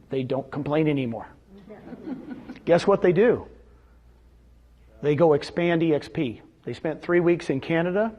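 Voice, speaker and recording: A middle-aged man giving an energetic motivational sales talk to a live audience, often quizzing his listeners with rhetorical questions. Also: fairly high pitch, dull audio. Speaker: seminar speaker.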